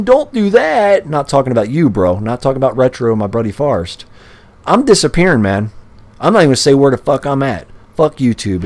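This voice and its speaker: A man's voice: mid-range voice, darkish tone, slight background noise, rough recording. A man live-streaming a racing game, rambling and ranting crudely to his chat with frequent swearing and chuckles. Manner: profane, ranting, chuckling often.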